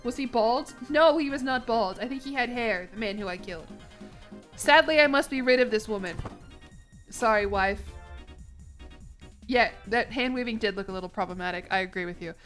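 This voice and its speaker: A woman's voice: fairly high pitch, moderate pace, long pauses, a bit bright, faint music behind. A young American woman chatting casually while streaming a game, joking, self-mocking, and laughing often. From United States. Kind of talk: casual live-stream gaming commentary.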